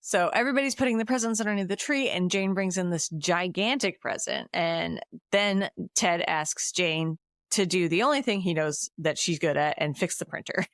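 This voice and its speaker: Woman podcast co-host, lowish voice, chatty plot recap with laughs, dry close mic. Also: moderate pace, no room sound. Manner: lively retelling with laughs and quoted lines. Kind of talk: casual chat, plot recap.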